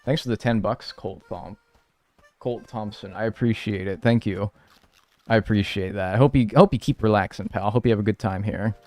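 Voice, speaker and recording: Male streamer, lowish voice, casual slangy chat, faint music behind. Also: normal speed, darkish tone, no echo. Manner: laid-back, slangy, says "dude" and "like" a lot, reads and answers chat. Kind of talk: casual live-stream chat over gameplay.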